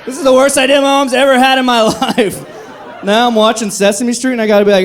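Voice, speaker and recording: A man with a notably high voice works a comedy club stage from a handheld mic, firing off profane, dark, self-mocking jokes. He grew up in Texas. A faint crowd laughs along behind him. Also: level tone, fast talker, a little hiss or hum. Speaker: stand-up comedian. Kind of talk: live stand-up set. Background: audience laughter.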